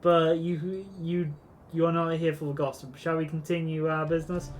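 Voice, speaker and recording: A man reads out a polite woman shopkeeper in a video game, keeping to business. The voice sits a little high and stays close to his own. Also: flat delivery, normal speed, natural voice. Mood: businesslike. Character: smooth-talking female shopkeeper.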